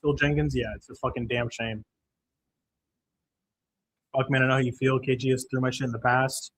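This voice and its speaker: A man's voice: mid-range voice, steady tone, moderate pace, a bit bright, a little hiss or hum. A young man hosting a live fight-watching stream, ranting with heavy swearing about a lost bet and reading viewer comments aloud. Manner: profane, frustrated ranting; reads chat comments aloud. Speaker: livestream host.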